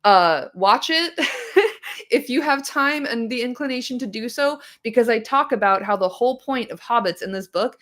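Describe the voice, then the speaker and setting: A woman talks to her stream chat in a loose, casual way, swearing freely and getting worked up. Her voice is a little hoarse and not at full strength. She rants animatedly, with sudden bursts of emphasis. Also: fairly high pitch, moderate pace. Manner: animated, profane, ranting. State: slightly hoarse. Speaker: streamer discussing a book chapter.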